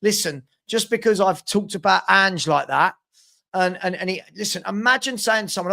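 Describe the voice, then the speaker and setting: London male streamer, high-ish and gravelly, blunt and repetitive, casual live football chat. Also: normal speed, bright, forceful tone. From South London. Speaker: live show host.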